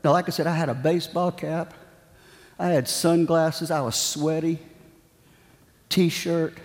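A preacher with a fairly high, darkish voice delivers a sermon a little slowly and with flat delivery. He builds his points through dramatic, emphatic repeated phrases and a storyteller's pacing. A long reverb makes his voice ring out as if filling a large hall.

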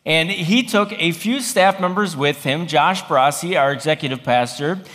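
A man's voice: a little high, moderate pace, fairly bright tone. A man, a campus pastor, telling a funny story in a sermon with wry, self-deprecating humor. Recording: long hall reverb.

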